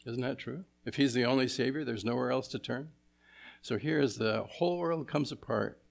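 With a creaky, mid-range voice at a moderate pace, this man preaches an expository sermon as a pastor. He puts rhetorical questions to the congregation, alternating forceful emphasis with quiet moments.

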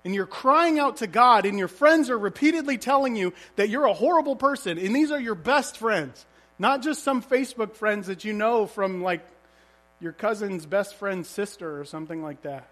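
A man's voice: sits high, lively intonation, moderate pace, fairly bright tone. A man preaching a sermon as a pastor, telling stories vividly and asking the congregation rhetorical questions.

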